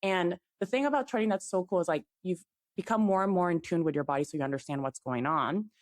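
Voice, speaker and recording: Low-pitched chatty woman, podcast guest. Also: quick pace, no room sound, clean studio sound. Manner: chatty, fillers of "like", enthusiastic. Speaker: guest, fertility app CEO. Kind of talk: casual podcast interview.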